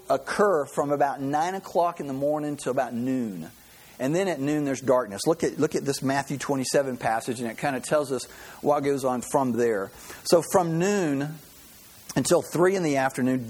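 A man's voice: mid-range voice, darkish tone, slightly rough. A male pastor giving a conversational sermon, telling stories in a folksy way and often restarting his sentences. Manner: folksy storytelling with frequent restarts.

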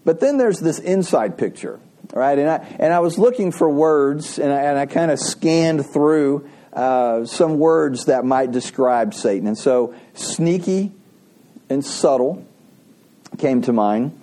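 Man preaching with a mellow, dark voice. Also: a little high, lively intonation, measured pace. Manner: folksy storytelling, asks the congregation questions. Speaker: pastor. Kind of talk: sermon.

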